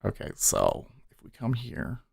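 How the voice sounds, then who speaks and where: A man's voice: mid-range voice, wildly swooping pitch, a little slow, vocal fry, no room sound, studio quality. A man hosting a live day-trading stream, chatting casually and rambling as he reads viewer comments aloud. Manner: rambling, self-deprecating, reads chat aloud. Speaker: day trading livestream host.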